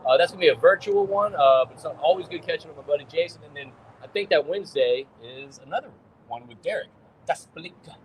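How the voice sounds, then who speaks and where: A chatty, upbeat man hosts a casual livestream with a fairly high voice. He greets viewers and hands out shout-outs. Faint street and traffic noise sits behind him. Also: lively intonation, fast, rough recording. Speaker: host.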